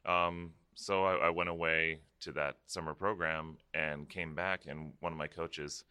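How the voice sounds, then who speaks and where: A young man speaks in a remarkably low voice with a polished, resonant clarity and a bright, forward ring. He talks in a relaxed, casual way, pausing often and filling the gaps with ums and you-knows. It sounds like an easygoing conversation between friends. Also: clean tone. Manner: relaxed, hesitant with many fillers. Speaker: interview guest, opera singer.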